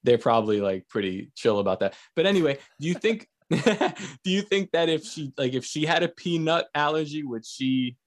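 A man's voice: a little high, animated, moderate pace, hardly any pauses. A man hosting a podcast, telling stories in a casual, crude way and laughing often. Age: adult with young kids. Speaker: podcast host. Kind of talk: casual chat.

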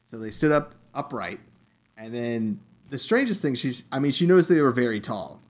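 A man's voice: mid-range voice, sing-song, normal speed. Rambling casual male podcast host. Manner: rambling storyteller with many fillers and restarts. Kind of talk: casual chat.

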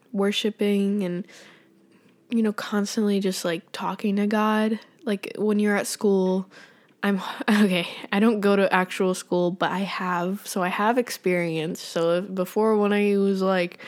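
A young woman talks off the cuff on her own podcast, rambling from thought to thought with lots of fillers. Her voice sits at an ordinary middle pitch, and she slips in small laughs as she goes. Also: a little mellow. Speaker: podcast host. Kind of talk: casual faith podcast monologue.

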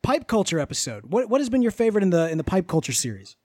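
Fast-talking, high-voiced joking man. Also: sing-song, darkish tone, no echo, studio quality. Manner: joking, quick banter. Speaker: podcast co-host. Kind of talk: casual chat.

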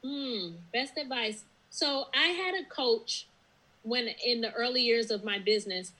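A woman's voice: fairly high pitch, unhurried, sharp tone, low-quality recording. A woman who runs her own business, telling her story in an interview in an earnest, reflective way. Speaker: business owner and guest. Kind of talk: interview conversation.

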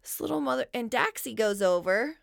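A woman co-host tells a family story with a bouncy, wide-ranging pitch and blunt, salty wording. The sound is dry and close. She talks like she is chatting with a friend. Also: vocal fry, no room sound. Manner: lively, blunt and profane, quick to laugh. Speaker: podcast co-host. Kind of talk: casual storytelling chat.

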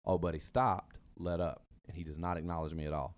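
A man's voice: low voice, flat delivery, a little fast. A man hosting a casual chat, telling a long rambling story full of asides and fillers.

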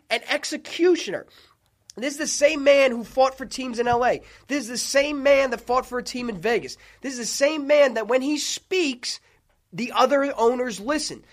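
High-voiced man ranting on sports radio. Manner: profane, fired-up, rapid ranting. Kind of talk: heated sports talk radio rant.

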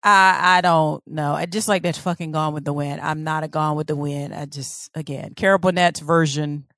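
A woman's voice: deep voice, steady tone, moderate pace, fairly bright tone, no room sound, clean studio sound. A woman from the American South co-hosting a podcast in casual chat, swearing freely and acting out quotes from people. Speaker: podcast co-host.

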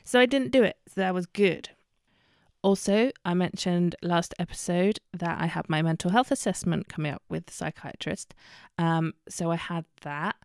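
A woman's voice: on the low side, moderate pace, creaky, no echo, clean studio sound. A woman hosting a casual solo podcast, chatty and candid, with lots of ums and self-corrections. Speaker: podcast host.

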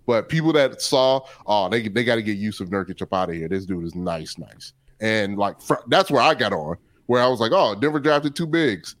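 A man co-hosting a sports podcast, rambling excitedly about basketball in casual chat. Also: fairly low pitch, moderate pace, hardly any pauses, no echo. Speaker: podcast co-host.

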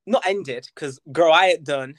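A young man, chatting as a podcast guest in a flamboyant, expressive way. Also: fairly high pitch, measured pace, no echo. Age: young adult. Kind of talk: casual interview chat.

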